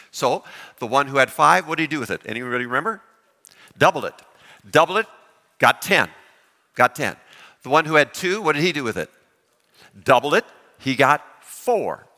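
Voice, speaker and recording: A man preaching a sermon, lively and animated, often putting questions to his congregation. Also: mid-range voice, moderate pace, pauses often, big-room sound. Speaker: pastor.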